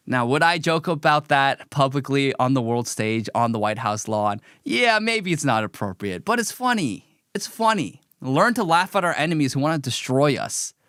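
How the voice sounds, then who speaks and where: Male live-stream host, fiery and preachy, high bright voice, dry close sound. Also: dry recording. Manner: heated, emphatic, preachy, mocking. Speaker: political commentary host. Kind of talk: opinionated live-stream commentary.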